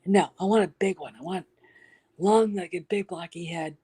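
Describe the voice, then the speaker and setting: A woman chatting casually as a guest, an animated storyteller who drops into soft whispers. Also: fairly low pitch, normal speed, slightly rough, no echo, low-quality recording. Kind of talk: casual chat.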